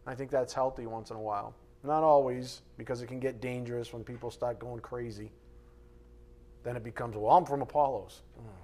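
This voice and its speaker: A man's voice: medium pitch, flat delivery, brisk, darkish tone. A male pastor preaching a sermon in a blunt, conversational way, with sarcastic asides.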